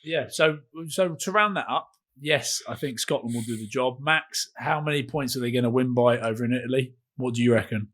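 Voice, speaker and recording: A man co-hosting a casual rugby podcast, animated and swearing freely. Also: mid-range voice, brisk. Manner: animated, swearing, mimics voices in quotes. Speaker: podcast co-host.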